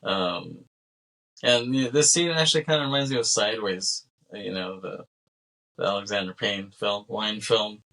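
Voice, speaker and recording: A man hosting a casual movie podcast, relaxed and laughing often as he recaps scenes. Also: on the low side, moderate pace, gravelly. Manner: laid-back, laughs often, acts out quoted lines. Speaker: podcast host.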